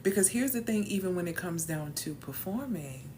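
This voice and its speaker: A woman's voice: fairly low pitch, animated, moderate pace, hardly any pauses, a little mellow, a little hiss or hum. Emphatic, preachy woman host. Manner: emphatic, preachy, repeats key phrases. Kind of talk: motivational talk.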